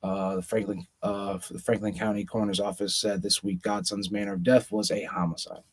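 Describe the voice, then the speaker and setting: A man's voice: lowish voice, flat delivery, a little fast, husky. A man co-hosting a casual podcast, talking earnestly and with concern, often stumbling and restarting his sentences. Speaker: podcast co-host.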